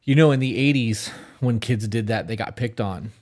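A man's voice: mid-range voice, moderate pace, a little mellow. Blunt, opinionated middle-aged man. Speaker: podcast co-host. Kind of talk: casual podcast chat.

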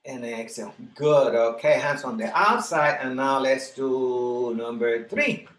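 A man's voice: mid-range voice, fairly even intonation, a little slow, fairly bright tone, reverberant. A man leading a live online exercise class, counting repetitions, cueing breathing and encouraging students by name. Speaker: fitness instructor.

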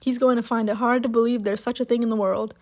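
Storybook elder, read by a woman: dignified, solemn, slow stiff dialect. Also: fairly high pitch, fairly even intonation, darkish tone, natural voice.

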